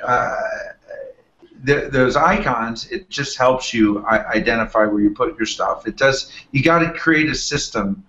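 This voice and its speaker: A man, a company CEO, talking as a podcast guest, relaxed and halting, with many fillers. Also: mid-range voice. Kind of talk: casual interview. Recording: dull lo-fi podcast audio.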